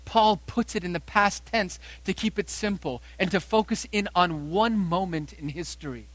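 A man preaching a sermon as pastor, emphatic, repeating phrases and slowing down to stress quoted verses. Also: high-pitched, a bit bright, rough recording.

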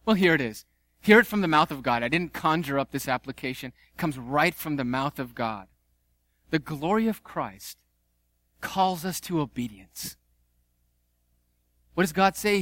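A man preaching a sermon, animated and conversational, with playful asides. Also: a little high, normal speed, long pauses, no room sound. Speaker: pastor.

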